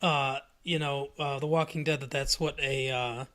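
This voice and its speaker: A man's voice: medium pitch, fairly even intonation, moderate pace, fairly bright tone. A man hosting a casual podcast chat, easygoing and chuckling as he talks. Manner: easygoing, chuckles while talking.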